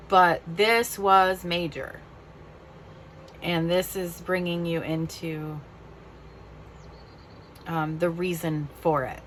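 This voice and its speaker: Woman, tarot reader, heartfelt and emotional, lowish voice, faint noise behind. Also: fairly bright tone. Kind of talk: casual tarot reading.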